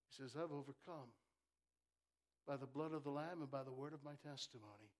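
A man preaching a sermon as pastor, swinging from impassioned shouts to near-whispers and calling on the congregation to answer. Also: mid-range voice, fairly quick, pauses often. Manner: impassioned preaching that drops to a hush; calls for congregation responses. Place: church.

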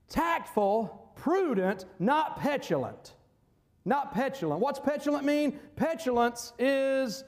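A man preaching a sermon as pastor, animated, pausing on key words and mocking voices when he quotes. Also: extremely high pitch.

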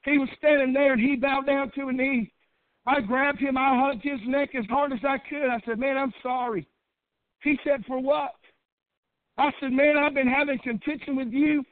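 Preacher guy, high voice, gets loud and fervent, dry tinny phone-ish recording. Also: flat delivery, normal speed, dry recording. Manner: builds to fervent shouting, preaching cadence. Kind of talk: Baptist sermon.

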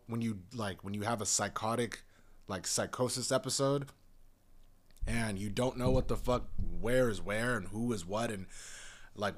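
A young man in a casual, profane, rambling rant, talking in an exasperated way. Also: mid-range voice. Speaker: commentator.

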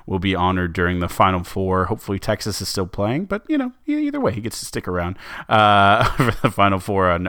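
A man with a low voice chats his way through a sports podcast, stopping and restarting often. The sound is dry and close, with no room around it. He keeps it loose and conversational. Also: fairly bright tone, clean tone, no room sound. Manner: chatty, many fillers and restarts. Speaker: podcast co-host. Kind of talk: casual sports podcast chat.

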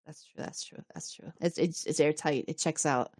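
A woman co-hosting a podcast, retelling an episode in a casual, animated way and acting out the quotes. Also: low-pitched, normal speed, dry recording, studio quality. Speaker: podcast co-host. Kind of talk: casual recap chat.

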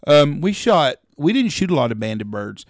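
A man's voice: fairly high pitch, sing-song, moderate pace, no echo, studio quality. A middle-aged man, telling rambling, profane hunting stories as a podcast co-host. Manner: rambling, profane storyteller who acts out quotes. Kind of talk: casual storytelling chat.

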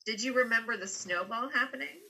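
A woman guest in a casual podcast chat, reacting with quick interjections. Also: a little high, vocal fry, sharp tone.

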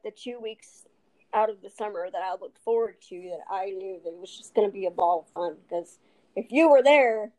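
A young woman host from New Mexico, raised in Texas, who has a speech impediment and talks warmly in a rambling way full of restarts. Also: mid-range voice, low-quality recording. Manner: rambling, with many restarts and laughs. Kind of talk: casual heartfelt chat.

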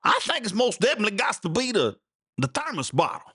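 A man putting on the voice of a folksy, puzzled old country man with a slow drawl and ungrammatical speech. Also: sits high, big pitch swings, bright, forceful tone, breathy edge, dry recording, studio quality, voice pushed up, full character voice. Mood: earnest, puzzled.

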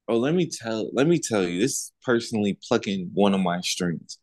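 A man's voice: normal speed, hardly any pauses, no room sound. A man co-hosting a podcast, telling stories in casual chat and mimicking other people in raised voices. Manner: animated storytelling, mimics others in high voices. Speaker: podcast co-host.

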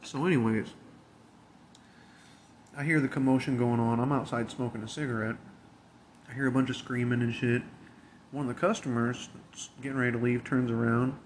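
A man's voice: mid-range voice, fairly even intonation, normal speed, long pauses, a little hiss or hum. Blunt, profane man telling a story. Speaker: convenience store worker. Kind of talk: casual storytelling.

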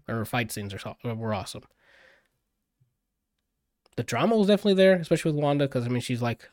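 A man's voice: medium pitch, no room sound, studio quality. A man in a casual podcast chat, gushing over a film he just saw, swearing freely and rambling with fillers. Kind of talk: casual movie review chat.

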